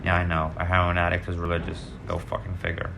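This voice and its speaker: A man's voice: sits low, completely flat delivery, fast talker, vocal fry, noisy background. A man casually telling blunt, profane stories from his past, rambling with side remarks. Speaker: vlogger sharing recovery stories. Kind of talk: casual storytelling monologue.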